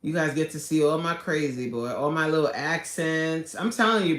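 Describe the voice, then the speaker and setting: A woman, chatting casually and animatedly with viewers on a live stream from her car, laughing often and swinging between loud and soft. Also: low voice, a little slow, hardly any pauses, roomy sound. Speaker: livestream host chatting with viewers.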